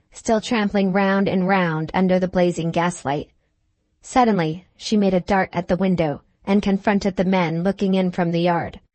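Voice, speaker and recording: A woman reading a classic novel aloud as an audiobook narrator, in a measured, dramatic manner. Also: lowish voice, a little mellow, dry recording. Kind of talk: scripted narration.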